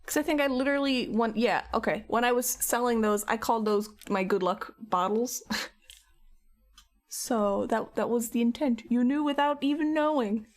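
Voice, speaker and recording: A chatty young woman with a slightly high voice talks casually to her stream chat while she paints. She greets viewers by name and giggles often, speaking into a desk mic at home. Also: steady tone, normal speed.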